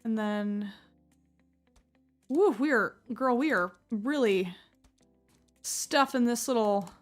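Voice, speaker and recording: Chatty high-voiced woman streamer. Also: slow, soft background music. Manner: chatty, excitable, swears casually, gets loud when surprised. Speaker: gaming streamer. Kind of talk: casual live-stream commentary.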